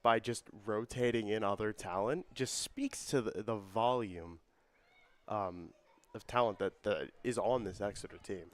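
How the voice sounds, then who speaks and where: A young man doing play-by-play for a student soccer broadcast. His voice climbs and quickens as the attacks build. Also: lowish voice. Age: young adult. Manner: rises and speeds up with the action. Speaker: play-by-play commentator. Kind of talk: student sports commentary.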